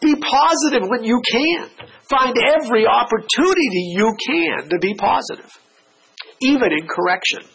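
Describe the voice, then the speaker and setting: A middle-aged man preaching a sermon, telling stories with lively, animated delivery and a husky voice. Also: moderate pace, poor audio. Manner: animated storytelling with big pitch swings. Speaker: pastor.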